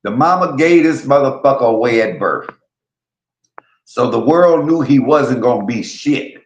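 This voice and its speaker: A man's voice: medium pitch, expressive, unhurried, echoey room, lo-fi sound. A man hosting a stream, delivering a vulgar roast rant full of repeated taunts and insults. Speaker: streamer host.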